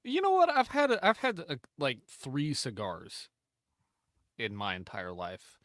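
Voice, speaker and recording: A man's voice: mid-range voice, huge pitch swings, fairly bright tone, no room sound, studio quality. A man co-hosting a hunting podcast, firing off absurd wisecracks among friends. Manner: wisecracking, quick with absurd jokes. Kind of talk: casual banter among friends.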